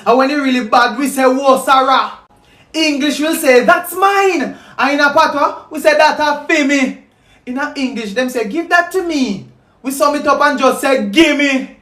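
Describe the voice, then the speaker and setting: A woman's voice: high voice, fairly bright tone, roomy sound. A Jamaican woman reciting a playful rhyming spoken-word poem. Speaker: performer.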